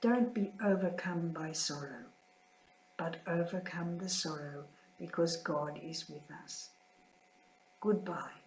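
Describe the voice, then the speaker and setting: An older woman, a religious sister, sharing a heartfelt, tender spiritual reflection in a quietly grieving manner. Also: lowish voice, takes it slowly, slight background noise. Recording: roomy echo.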